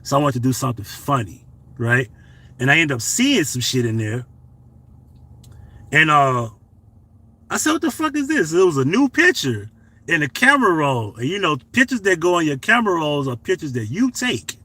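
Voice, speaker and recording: A man hosting a commentary vlog, telling a personal story in a casual, profane, animated way. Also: a little high, normal speed. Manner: profane, animated, tells a story with acted quotes. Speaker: commentary channel host.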